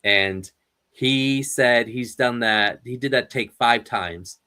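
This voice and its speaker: A man's voice: medium pitch, slow pace, pushed and bright, clean tone. A man hosting an interview, telling rambling stories in casual chat and laughing often. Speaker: interview host.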